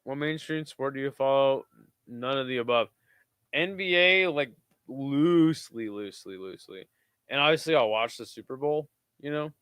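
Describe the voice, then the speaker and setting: A man's voice: mid-range voice, moderate pace, pushed and bright, clear, resonant tone, no room sound, clean studio sound. A tired young man hosting a live watch-along stream, calling the action casually and swearing freely between plays. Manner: laid-back, swears freely, drifts between play-calling and chat.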